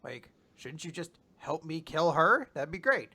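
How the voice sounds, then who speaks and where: A man's voice: fairly high pitch, sing-song, unhurried, pushed and bright, slightly rough, heavily acted. A man reading an arrogant male villain's lines in a mocking, offhand way. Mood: taunting.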